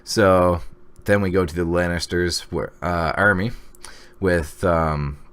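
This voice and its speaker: A man casually recapping a TV episode, rambling with fillers and excited reactions. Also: sits low, slow, clear, resonant tone. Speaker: TV episode reviewer. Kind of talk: casual video review.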